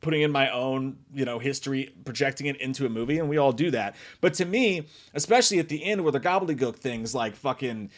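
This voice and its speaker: Animated, profane man reviewing a movie. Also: medium pitch, fast talker, few pauses. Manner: profane, animated, acts out quotes in big shrieking voices. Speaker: movie review podcast host. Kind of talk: casual spoiler review chat.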